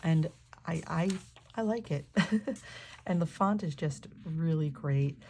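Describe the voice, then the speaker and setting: Low, gravelly-voiced woman vlogger. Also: takes it slowly, warm tone, slight background noise. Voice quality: croaky morning voice. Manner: enthusiastic, thinking aloud with fillers. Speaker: planner vlogger. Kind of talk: casual show-and-tell narration.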